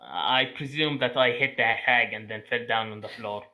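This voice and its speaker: A man's voice: medium pitch, normal speed, bright, forceful tone, rough recording. A man playing a tabletop game, protesting in exasperation and swearing at the other players.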